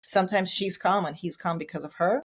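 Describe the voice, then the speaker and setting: A woman with a somewhat low voice co-hosts a casual podcast conversation. She speaks earnestly and reflectively, often circling back to restart a thought. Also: a little fast, husky. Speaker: podcast co-host. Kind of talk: casual chat.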